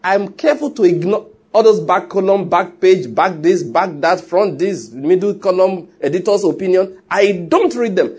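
A man's voice: high-pitched, animated, moderate pace, few pauses, a little mellow, husky. A man preaching a sermon in an emphatic, conversational way, with joking asides. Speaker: pastor.

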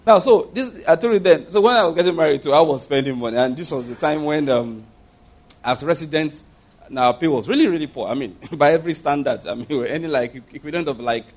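A man's voice: on the high side, brisk. A Nigerian man in middle age delivers a sermon in a slightly raised voice. He is emphatic and repeats key phrases. He slips into quoted voices as he tells his points. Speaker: preacher.

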